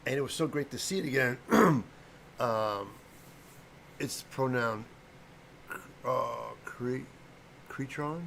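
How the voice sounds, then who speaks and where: A man's voice: medium pitch, slow pace, vocal fry, pauses often, fairly bright tone, a little hiss or hum. A middle-aged man from the American Midwest chatting loosely with viewers on a livestream, rambling and stumbling over names. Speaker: livestream host and prop maker. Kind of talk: casual livestream chat.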